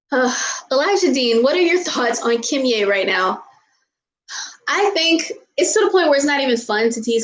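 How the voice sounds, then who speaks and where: High-voiced exasperated woman vlogger. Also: reverberant, poor audio. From United States. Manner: exasperated ranting, laughs and apologizes often. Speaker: vlogger answering viewer questions. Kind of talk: casual chat.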